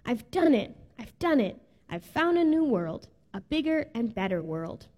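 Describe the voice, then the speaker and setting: A woman's voice: fairly high pitch, sing-song, measured pace. A woman doing a triumphant young spaceman. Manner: shouting with triumph. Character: excited young male spaceman.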